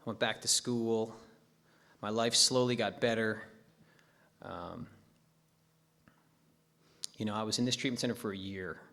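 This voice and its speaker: A man with a bright, forward voice tells his own recovery story to a meeting. He speaks as a profane storyteller, swearing freely and joking at his own expense. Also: lowish voice, steady tone, measured pace, long pauses.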